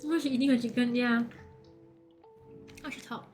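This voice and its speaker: A woman's voice: on the high side, fairly even intonation, moderate pace, a little mellow, soft background music. A woman chatting casually as a streamer, giggly and chatty with loose grammar. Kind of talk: casual reaction chat.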